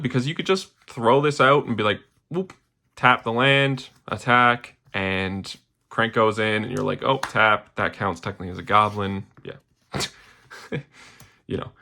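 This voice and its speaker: A man's voice: on the low side, lively intonation, unhurried, creaky, bright, forceful tone. A young man casually walking through his card game deck, loose and rambling, with slangy asides and fillers. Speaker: deck tech host.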